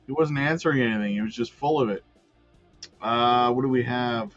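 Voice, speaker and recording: A man's voice: medium pitch, normal speed, fairly bright tone. A man hosting a crypto livestream in a loose, chatty manner, reading viewer comments and thinking aloud over charts. His level jumps up when he greets viewers and drops to mutters in between. The audio is a little dull and lo-fi, with faint music underneath. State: has the hiccups.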